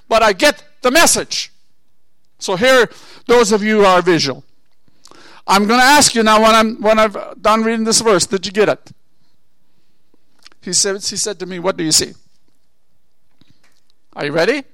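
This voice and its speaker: A pastor with a clear, resonant tone preaches a Bible story full of asides and rhetorical questions, moving from hushed murmurs up to loud exhortation. The recording is dry.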